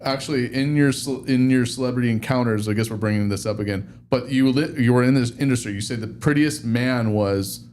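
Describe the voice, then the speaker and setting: A man's voice: medium pitch, fairly quick, hardly any pauses, darkish tone. A man in a casual podcast chat who talks hesitantly and restarts his phrases. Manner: hesitant, repeats words.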